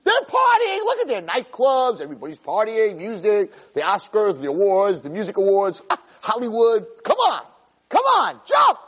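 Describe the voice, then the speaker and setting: A man voicing a male devil spirit who coaxes and yells at people to leave their faith. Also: high voice, wildly swooping pitch, moderate pace, husky, in a large hall, pitched above the performer's own voice, heavily acted. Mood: goading. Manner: coaxing, urgent, yelling.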